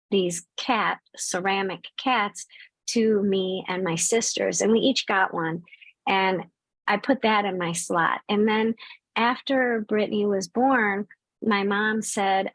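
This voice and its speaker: A woman's voice: mid-range voice, no echo. A middle-aged woman hosting a spiritual channel, speaking casually to viewers and telling a personal story with many fillers and restarts.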